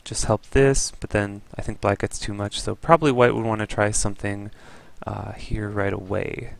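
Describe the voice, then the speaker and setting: A man's voice: lowish voice, steady tone, moderate pace, gravelly, no echo. A man giving an easygoing, explanatory review of a Go game as a teacher.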